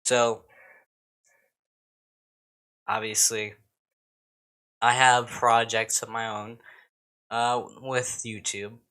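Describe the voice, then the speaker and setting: A man's voice: medium pitch, flat delivery, drawn-out words, pauses often, sharp tone. A man from the United States rambling casually to camera as a YouTuber, swearing often and poking fun at himself. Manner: rambling, swearing and self-mocking. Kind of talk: casual vlog chat.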